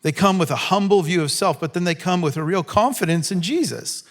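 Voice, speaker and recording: A man preaching a sermon in a conversational tone, now and then acting out biblical quotes with sudden raised shouts. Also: sits high, fairly quick. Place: church hall.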